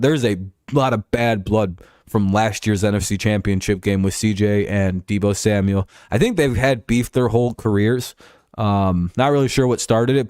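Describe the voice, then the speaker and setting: A man's voice: lowish voice, a little mellow, no room sound, clean studio sound. A young man hosting a live stream, chatting casually about football in a rambling, profane way and reading out chat messages.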